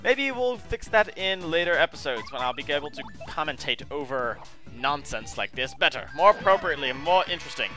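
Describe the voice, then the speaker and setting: A man's voice: fairly high pitch, big pitch swings, brisk, over music. A man giving chatty video game commentary, often calling viewers his friends and apologizing for what he says. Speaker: let's play host.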